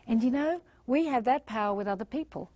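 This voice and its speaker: An Australian woman giving a recorded leadership training lecture in a lively, animated manner. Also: fairly high pitch, fairly quick, slight background noise. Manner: animated, acts out quoted voices.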